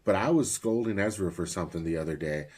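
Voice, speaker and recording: A man's voice: low-pitched, fast talker, darkish tone, husky. A man in his thirties co-hosting a casual podcast, telling family stories with frequent laughs and free swearing. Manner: laughs often, swears freely, storytelling. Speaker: podcast co-host.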